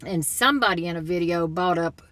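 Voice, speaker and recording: A woman's voice: fairly low pitch, a little fast, fairly bright tone, no room sound. A woman in a casual vlog monologue, retelling a story and giving blunt, critical opinions. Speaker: commentator.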